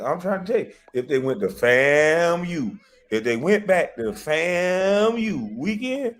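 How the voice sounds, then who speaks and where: A man's voice: fairly high pitch, big pitch swings, takes it slowly, faint music behind. A man telling wild stories in a casual chat, laughing often and swearing freely. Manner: loud, laughing, swearing storyteller. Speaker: show host.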